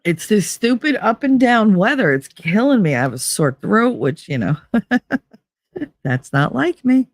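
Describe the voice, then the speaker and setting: A woman hosting a livestream, chatting casually and reading viewer comments, her nose congested, blunt and quick to laugh. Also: medium pitch, sing-song, dry recording, studio quality. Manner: blunt, laughs often, talks back to chat. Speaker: livestream host reading chat. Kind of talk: casual chat.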